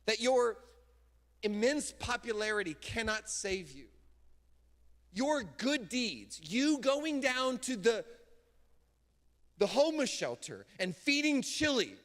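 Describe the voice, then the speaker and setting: A man pastor preaching a sermon from a church stage, casual and emphatic, with sudden loud bursts. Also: extremely high pitch, very animated, unhurried. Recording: long hall reverb in a church.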